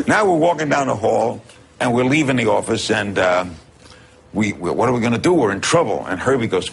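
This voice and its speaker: A man's voice: on the low side, brisk, gravelly, a little hiss or hum. An older man with a New York accent telling a comic anecdote, laughing as he goes. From New York City. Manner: animated storytelling, laughing often. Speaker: storyteller. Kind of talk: comic anecdote, archive clip.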